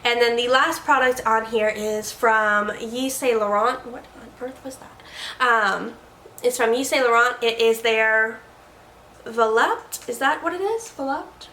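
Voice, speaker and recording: Woman vlogger rambling about makeup at her desk, kinda high bright voice, echoey room. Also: unhurried, slight background noise. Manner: chatty, rambling, trips over words. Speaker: beauty vlogger host. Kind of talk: casual product review chat.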